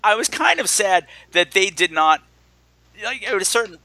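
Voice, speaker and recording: A lively man hosts a podcast in casual, joking movie-review banter. His voice is fairly high and bright, bouncing widely in pitch as he tells stories. The sound is dry and close. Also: moderate pace, dry recording. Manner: animated, joking, storytelling. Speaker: podcast host.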